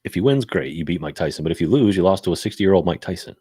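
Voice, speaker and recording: A man's voice: low voice, expressive, very fast, dark tone, slightly rough, dry recording, studio quality. A man co-hosting a podcast, talking in an emphatic, profane, opinionated casual chat. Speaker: podcast co-host.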